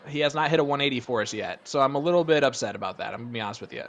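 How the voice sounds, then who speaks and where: A man doing casual play-by-play darts commentary, chatty and rambling, getting excited on big throws. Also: mid-range voice, very fast.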